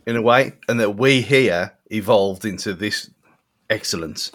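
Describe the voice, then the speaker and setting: A man's voice: fairly low pitch, a little slow, a bit bright. A man co-hosting a podcast, chatting casually and wryly about a film, rambling and trailing off. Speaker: podcast co-host. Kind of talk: casual film review chat.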